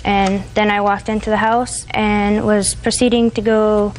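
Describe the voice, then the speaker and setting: A woman's voice: medium pitch, flat delivery, unhurried, a little mellow, a little hiss or hum, rough recording. A woman in her twenties testifying in a TV courtroom, retelling events in a rambling, hesitant way. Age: 20s. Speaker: defendant.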